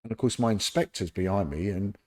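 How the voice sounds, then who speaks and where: A man's voice: fairly low pitch, brisk. A middle-aged man with a London accent, a former detective telling stories in a casual interview and acting out the people in them. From London, England. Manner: animated anecdotes, acting out quoted voices. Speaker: former police detective, podcast guest.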